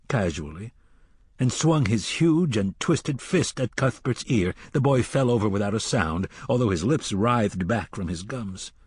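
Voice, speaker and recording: Male audiobook narrator: low, husky, measured and dramatic; dry studio sound. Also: dry recording.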